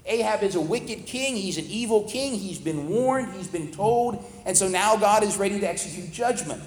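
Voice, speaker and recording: A man with a notably high voice teaches through a Bible passage in a relaxed, explaining way. The sound is roomy, with a long reverb trailing each phrase as if recorded in a large hall. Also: moderate pace. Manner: conversational, plain-spoken explaining.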